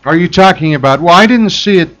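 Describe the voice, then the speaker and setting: A man's voice: sits high, expressive, quick pace, a bit bright. A man hosting a call-in radio talk show, speaking emphatically and taking callers. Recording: dull lo-fi radio broadcast.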